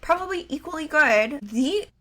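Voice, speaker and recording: A young woman co-hosts a casual podcast chat, spinning animated stories and playing out what her relatives said. Her voice is bright and forceful and sits a little high. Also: normal speed. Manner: animated storyteller, acts out quoted family voices. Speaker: podcast co-host.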